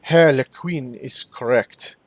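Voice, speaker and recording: A man voices a grave, ponderous envoy with a German accent. He drags out each word slowly, savoring every vowel and consonant. The recording is dry and close. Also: medium pitch, dry recording.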